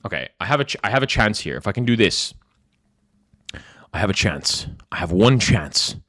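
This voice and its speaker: Very animated and fairly bright, this young man's fairly low voice keeps a moderate pace as he narrates his chess moves on a live stream. His casual commentary is full of jokes, mock boasting, and self-mockery.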